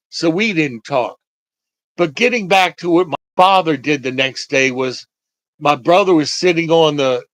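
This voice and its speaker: Older man, slightly high voice, very slow, reflective, halting, personal storytelling, dry close sound. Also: fairly bright tone, no room sound, poor audio.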